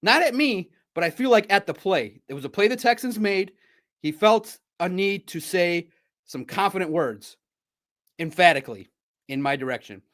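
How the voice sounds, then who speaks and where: A middle-aged man hosts a casual sports recap. His voice sits a little higher than most men's. He tells his stories in an animated, chatty way. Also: moderate pace. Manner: animated, chatty storytelling with laughs. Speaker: podcast host.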